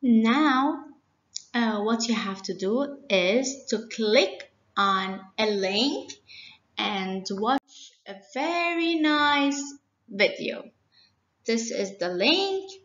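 A woman teacher giving a children's phonics lesson, slowly and patiently spelling words out letter by letter. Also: on the high side, a bit bright. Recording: dull, lo-fi and echoey.

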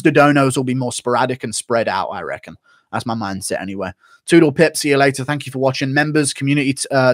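A man's voice: mid-range voice, fairly bright tone, no room sound, clean studio sound. A young man on a live stream, casually reading out donations and giving blunt fight opinions. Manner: blunt, rambling, reads donations.

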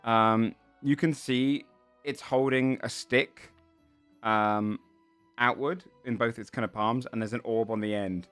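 A man running a tabletop game as game master, describing scenes in a halting way with many fillers. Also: mid-range voice, steady tone, a bit bright, clear, resonant tone, dry recording, faint music behind.

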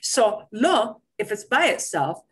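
A woman's voice: mid-range voice, big pitch swings, takes it slowly, fairly bright tone, breathy edge. A woman teaching a beginner language class, explaining with lots of examples and repetition. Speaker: Spanish teacher. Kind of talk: live online language class.

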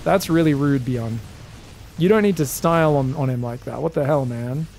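A man casting a live esports match, excitable and joking, shouting out at big plays. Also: mid-range voice, moderate pace, creaky, slight background noise. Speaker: esports caster. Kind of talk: live game commentary.

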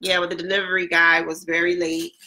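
A young adult woman co-hosting a live podcast, chatting casually and relaxed while eating. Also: fairly low pitch, a little fast, slight background noise. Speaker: podcast co-host.

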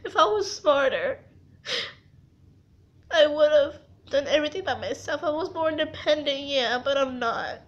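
A young woman crying as she talks in a confessional vlog, halting and rambling, stumbling over her words. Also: high voice, lively intonation, dull audio. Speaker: vlogger.

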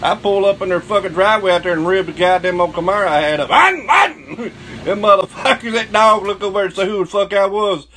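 A man's voice: high-pitched, fairly even intonation, quick pace, few pauses, a bit bright, slight background noise, low-quality recording. Profane Southern man spinning a yarn. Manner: profane, boastful, laughs often. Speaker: channel host telling a story. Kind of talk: crude storytelling monologue.

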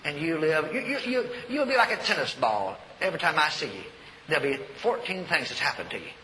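A man's voice: on the high side, sing-song, a little fast, bright, forceful tone. An older man preaching a sermon in a folksy, emphatic way, laughing as he tells his stories, in an echoey hall recording with faint noise.

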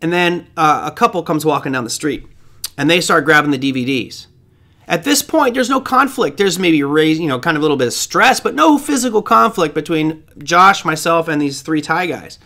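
A man's voice: fairly high pitch, lively intonation, moderate pace, bright, forceful tone. A man hosting a trading show, giving casual market commentary in a rambling, conversational way with side stories.

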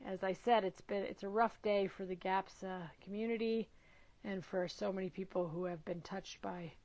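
A woman's voice: mid-range voice, fairly even intonation, normal speed, darkish tone, dry recording. A middle-aged woman hosting a casual live-stream Q&A as a nutrition educator, encouraging her viewers and greeting them by name, with some hesitant fillers. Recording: dull lo-fi dry sound.

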